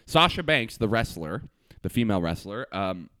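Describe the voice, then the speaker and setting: A man's voice: on the low side, normal speed, clean tone, no echo, studio quality. A man in his twenties co-hosting a casual podcast chat, telling stories animatedly, laughing often and acting out what others said. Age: 20s. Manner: animated storyteller, laughs often, acts out quotes. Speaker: podcast co-host.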